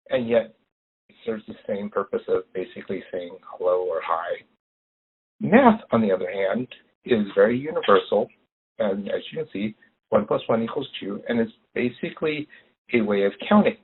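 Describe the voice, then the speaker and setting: A man explains math in a relaxed, conversational way, often pausing on ums. His voice sits a little low but swings lively up and down. It comes through a tinny, phone-like video call line with faint noise behind. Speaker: engineer giving a STEM talk. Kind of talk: casual online presentation.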